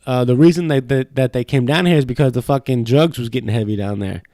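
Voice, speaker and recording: A man's voice: mid-range voice, quick pace, mellow, no echo, studio quality. A man co-hosting a podcast in casual chat, telling loose, profane stories and slipping into put-on voices. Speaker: podcast co-host. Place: home studio.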